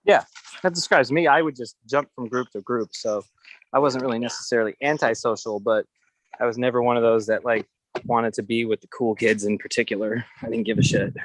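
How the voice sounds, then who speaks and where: Rambling, animated man chatting casually. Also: medium pitch, brisk, no echo, rough recording. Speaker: host. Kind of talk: casual chat.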